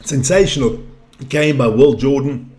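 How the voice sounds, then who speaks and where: A man giving casual live rugby commentary, blunt and swearing, ranting between plays and cheering loudly when excited. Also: mid-range voice, measured pace. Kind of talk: casual live sports commentary with viewer chat.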